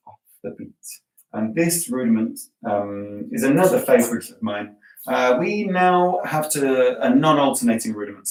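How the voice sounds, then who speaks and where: A man leading a guided drum practice lesson, chanting stickings and syllables aloud in a relaxed, encouraging, chatty way. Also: mid-range voice. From England. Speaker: drum teacher. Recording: roomy, distant sound with music behind. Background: metronome and drumming.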